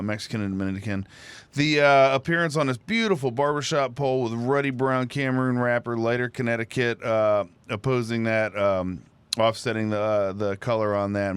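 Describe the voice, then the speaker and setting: A man co-hosting a podcast, reading relaxed, descriptive tasting notes in casual chat. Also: mid-range voice, clear, resonant tone, dry recording. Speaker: podcast co-host, cigar reviewer.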